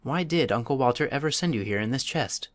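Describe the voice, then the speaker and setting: A man's voice: expressive, brisk, natural voice. A man doing an anxious, pleading young girl. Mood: fretful. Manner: pleading, high and urgent.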